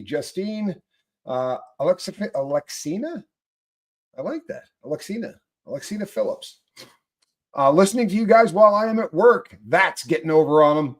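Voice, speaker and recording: A man hosting a live morning stream, chatting casually, joking and greeting viewers by name. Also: fairly high pitch. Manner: loud, joking, reads chat names aloud. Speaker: host of a live morning show.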